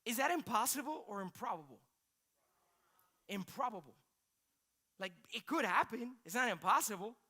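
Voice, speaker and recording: A male pastor preaching a sermon in a conversational, questioning style, moving between quiet storytelling and louder emphatic points. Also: high voice, lively intonation, moderate pace, long pauses.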